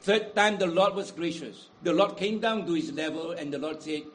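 A man preaching a sermon, dramatic, with big swings in loudness and slow, stressed phrases. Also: on the high side.

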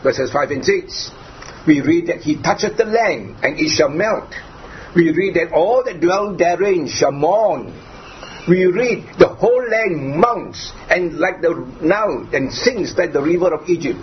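A male preacher delivers a sermon in a fairly high voice, hammering each point through repetition and rhetorical questions. The recording is dull and lo-fi, with a faint hiss of background noise behind him. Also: lively intonation, a little slow.

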